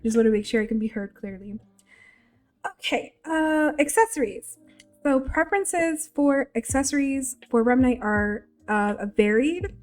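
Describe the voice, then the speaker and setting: A woman's voice: high-pitched, animated, unhurried, faint music behind. A congested woman giving a casual tutorial, rambling with lots of fillers and restarts. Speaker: VTuber tutorial creator.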